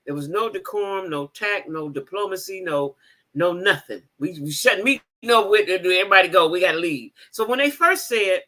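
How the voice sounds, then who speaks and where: A woman in her fifties telling a story in a casual vlog, animated and emphatic, laughing as she talks. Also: fairly low pitch, moderate pace. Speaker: vlogger.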